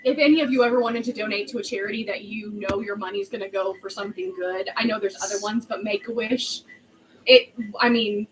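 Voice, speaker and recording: A woman's voice: medium pitch, steady tone, brisk, rough recording. A woman in her late twenties telling a story in a rambling, chatty way, full of "like". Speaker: vlog host. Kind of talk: casual storytelling chat.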